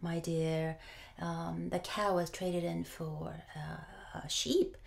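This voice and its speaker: A woman's voice: fairly low pitch, flat delivery, slow pace, creaky. A woman preacher voicing a good-natured peasant farmer husband, talking earnestly and a little pleased with himself. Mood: fond.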